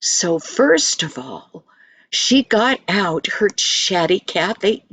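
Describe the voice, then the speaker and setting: An older woman telling a children's story in a gentle, sing-song manner, speaking to the listener directly. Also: medium pitch, very animated, slow, husky, dry recording.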